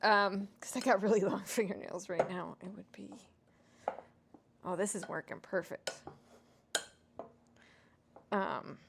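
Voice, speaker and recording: A woman's voice: medium pitch, steady tone, slow pace, vocal fry, pauses often, noisy background. A woman hosting a home cooking vlog, chatting casually and self-deprecatingly to viewers as she cooks. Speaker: home cooking show host.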